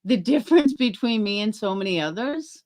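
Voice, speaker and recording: A woman's voice: medium pitch, animated, normal speed, a little mellow. A middle-aged woman chatting on a livestream, rambling and swearing as she talks to her chat by name.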